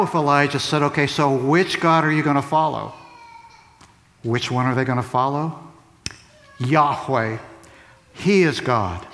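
A man's voice: a little high, a bit bright. A man preaching a sermon, asking rhetorical questions and repeating key phrases for emphasis. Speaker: pastor. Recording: long reverb of a large hall.

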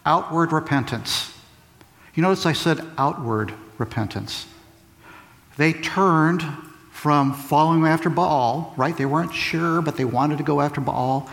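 In a large hall with long reverb, a male pastor preaches, asking rhetorical questions and hammering home key phrases through repetition. His voice sits a little high and has a fairly bright tone.

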